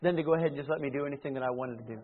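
A man preaching a sermon, shifting between loud emphatic lines and hushed low asides. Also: racing. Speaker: pastor. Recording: tinny phone-like sermon recording.

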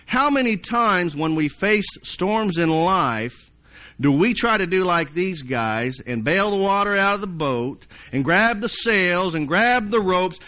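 A man's voice: high-pitched, sharp tone. A man preaching a sermon, folksy and storytelling, sometimes acting out panicked voices. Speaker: pastor.

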